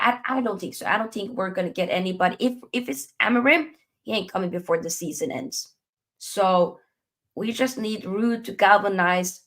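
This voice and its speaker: A woman hosts a live football stream, talking casually and reacting to viewer messages. She is animated and chatty, swinging into playful put-on voices now and then. Her voice sits at a middle pitch for a woman. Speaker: football channel host reading live chat.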